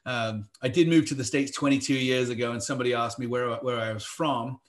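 An English-accented man leads a virtual workshop, talking quickly and breaking into wry joking asides. His voice sits at an ordinary middle pitch for a man. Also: steady tone. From England. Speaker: workshop presenter. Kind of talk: live virtual workshop talk.

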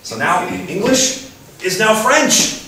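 A man giving a playful, lively lecture to an audience, asking them questions and putting on voices. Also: high voice, slow, creaky. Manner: animated, playful, puts on voices and asks the crowd questions. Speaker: speaker giving a talk. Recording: echoey room from far off with faint noise.

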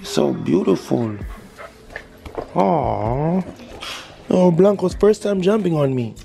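A man's voice: fairly high pitch, lively intonation, slow pace, gravelly, dark tone, a little hiss or hum. A young man vlogging casually at home, talking playfully and dotingly to a new puppy. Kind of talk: casual vlog chat.

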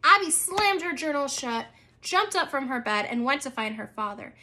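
Bright, cheerful woman reading aloud. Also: high voice, moderate pace. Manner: cheerful and expressive. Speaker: storyteller. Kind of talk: children's book read-aloud.

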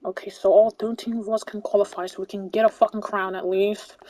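A woman gamer chatting live while playing with a friend, swearing and yelling at other players. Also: mid-range voice, a little fast. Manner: profane, excitable, shouts and swears at other players.

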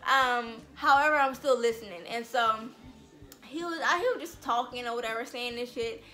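A young woman telling a storytime vlog, animated and blunt, swearing freely. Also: on the high side, moderate pace, soft background music. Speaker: vlogger.

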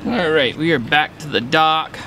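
A man's voice: a little high, normal speed, pushed and bright, a little hiss or hum. A man hosting a casual outdoor vlog on a boat, enthusiastic and jokey. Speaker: vlogger, channel host. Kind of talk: casual upbeat vlog chat. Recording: background music under the voice.

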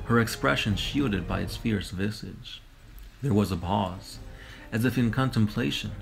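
A man narrating a science-fantasy war story with steady drama. His voice sits low with a gravelly edge, and faint music plays beneath. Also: rough recording.

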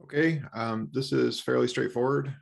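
A man making a matter-of-fact, low-key proposal in a video-call meeting. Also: fairly even intonation, moderate pace, creaky. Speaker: meeting participant. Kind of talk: casual meeting talk.

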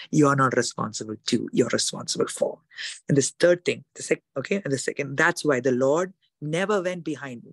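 Gravelly-voiced woman preaching fast. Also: low voice, no echo, studio quality. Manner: fast, emphatic, acts out quoted voices. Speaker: preacher at a women's conference. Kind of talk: sermon.

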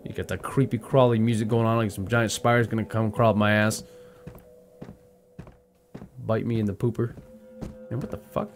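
A man playing a horror game on video, swearing a lot and reacting to every scare with sudden yelps and shouts. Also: flat delivery, normal speed, pauses often. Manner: profane and jumpy, with sudden high yelps. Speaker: gaming video host. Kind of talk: let's-play commentary. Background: horror game music.

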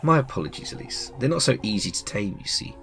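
A man voicing a sinister male demon who bargains for souls, reading game dialogue in a silky, mocking, slow and hushed voice. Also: mid-range voice, expressive, creaky, a little hiss or hum, voice pushed up, poor audio. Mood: sly.

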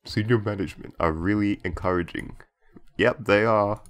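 A young man with a slightly low voice talks casually over a game he is playing. He is chatty and jokey, reads the on-screen text aloud, and holds back laughter as he goes. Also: moderate pace. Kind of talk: casual gameplay commentary.

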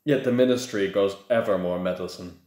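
A man's voice: low voice, brisk, darkish tone, reverberant, a little hiss or hum, natural voice. Man doing a cold haughty aristocrat. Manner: cold, clipped, disdainful.

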